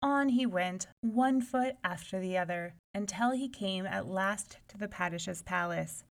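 A woman reading a fairy tale aloud in an expressive, animated storytelling style. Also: mid-range voice, unhurried.

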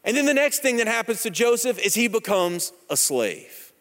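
Pastor in his thirties, high voice, casual storytelling sermon in a big echoing sanctuary. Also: big pitch swings, moderate pace, fairly bright tone. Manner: conversational, joking, storytelling. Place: church sanctuary. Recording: long hall reverb.

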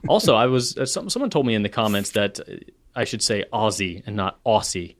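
A man's voice: lowish voice, sing-song, fast talker. A man co-hosting a podcast, telling playful stories in casual chat with lots of "like" fillers. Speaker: podcast co-host.

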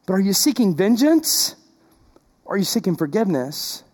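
A woman pastor preaching a sermon, full of rhetorical questions, shifting between loud emphasis and soft, tender passages. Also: medium pitch, normal speed. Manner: animated, asks the congregation many rhetorical questions.

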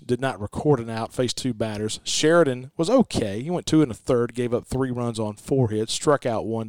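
A man hosting a sports talk show, chatting casually about a baseball game and reading the stats in a folksy, animated way. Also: medium pitch, no echo. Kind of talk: casual sports podcast chat.

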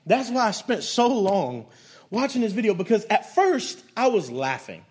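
A man's voice: high voice, wildly swooping pitch, moderate pace, a little mellow. A man preaching a sermon as a pastor, speaking to his church in a conversational, storytelling way.

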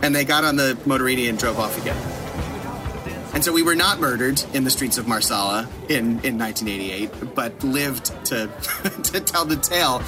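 A middle-aged man, a podcast guest telling an animated, self-deprecating story and laughing at himself. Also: medium pitch, moderate pace, music in the background. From United States.

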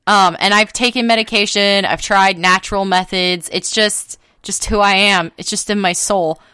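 Woman co-host, tired insomniac, rambling sweary storyteller; bright tone, dry room. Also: mid-range voice, fairly even intonation, moderate pace, smooth, dry recording. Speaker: podcast co-host. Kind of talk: casual chat.

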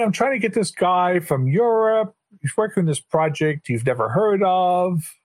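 Husky older man telling a story. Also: mid-range voice, no room sound. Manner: lively storyteller who acts out quoted dialogue. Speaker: guest, board chair of a tech body. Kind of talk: casual anecdotal storytelling.

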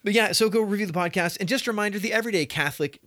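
A man's voice: high-pitched, racing, a bit bright, dry recording, clean studio sound. A man hosting a casual podcast from a small office, laughing easily and poking fun at his own flubbed reads. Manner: laughing, self-deprecating, stumbles over reads. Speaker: podcast host.

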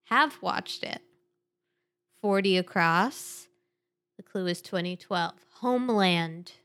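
A woman hosting a casual podcast chat, easygoing and quick to laugh. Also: on the low side, fairly bright tone, clear, resonant tone. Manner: giggly, easygoing, laughs often. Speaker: podcast host. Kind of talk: casual chat about crossword puzzles.

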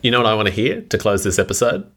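Wry man, low voice. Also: sing-song, racing, a bit bright. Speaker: podcast co-host. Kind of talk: casual chat.

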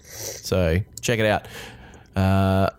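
A man hosting a podcast, talking casually in a congested, nasal voice from a cold, relaxed and rambling with restarts. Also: sits low, extremely slow, vocal fry, clean tone. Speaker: podcast host.

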